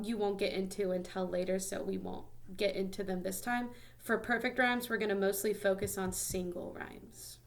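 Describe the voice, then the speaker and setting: A woman's voice: on the high side, fairly bright tone. A young woman teaching a casual lesson, explaining in a chatty way with many ums and likes.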